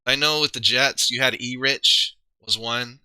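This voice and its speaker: A man's voice: medium pitch, steady tone, unhurried, sharp tone, clean tone, no room sound. A man chatting casually on a livestream, rambling and thinking aloud with many fillers and restarts. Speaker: streamer and league player.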